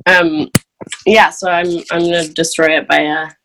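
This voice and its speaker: A woman's voice: sits low, flat delivery, normal speed, fairly bright tone. A woman guest on a podcast in casual chat, giggly and laughing often. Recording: noisy home recording.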